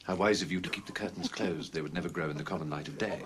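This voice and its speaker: An actor playing a flamboyant, witty middle-aged Victorian writer who talks in florid, languid phrases. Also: male voice, low-pitched, rapid-fire, noisy background, natural voice. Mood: teasing. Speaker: celebrated writer and father. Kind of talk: period film acting.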